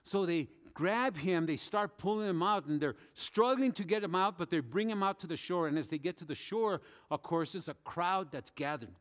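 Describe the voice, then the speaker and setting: Preaching at a moderate pace with hardly any pauses, this pastor, whose voice is notably high, brings the sermon's story to life by performing the characters' quoted speech. His words echo with a long hall reverb, like in a church sanctuary.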